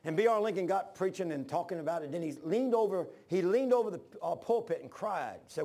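A man preaching a sermon, telling stories with animated bursts of shouting. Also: sits high, brisk, creaky.

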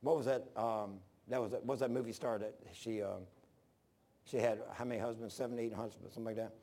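A man preaching a sermon, telling stories with animated bursts of shouting. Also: on the low side, brisk.

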